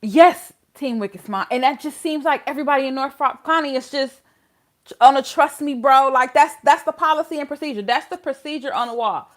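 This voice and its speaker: A woman hosting a casual legal commentary vlog, talking bluntly and swinging from loud outbursts to quiet asides. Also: high voice, brisk. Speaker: host of a legal commentary channel.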